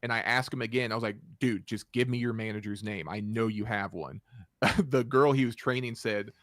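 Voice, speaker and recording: A man hosting a casual podcast chat, telling a story in a lively way. He acts out both sides of the conversation, laughs often and swears freely. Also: fairly low pitch, fairly quick, no echo, studio quality. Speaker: podcast host.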